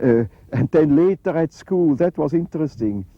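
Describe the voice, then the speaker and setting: Older man, halting and husky. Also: a little high, animated, highs cut off. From Switzerland. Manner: halting, many "uh" fillers and restarts. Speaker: interview guest. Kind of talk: reflective interview conversation.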